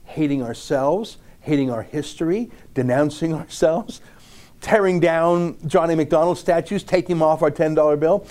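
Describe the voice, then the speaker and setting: A middle-aged man giving opinion commentary, reading an essay aloud slowly and emphatically. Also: on the high side, darkish tone. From Canada. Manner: emphatic, slow deliberate reading. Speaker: political commentator.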